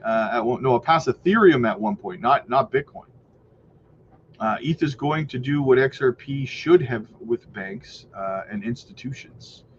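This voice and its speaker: A man's voice: medium pitch, dull audio, slight background noise. A man hosting a crypto channel, chatting casually, rambling a little and answering viewer questions. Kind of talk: casual livestream chat and news reading.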